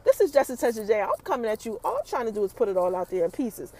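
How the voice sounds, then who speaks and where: A woman hosting a casual TV episode recap, telling the story with lively energy and talking straight to her listeners. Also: a little high, quick pace, a little hiss or hum. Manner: animated storytelling, acts out characters' quotes, addresses listeners as y'all. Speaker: TV recap host.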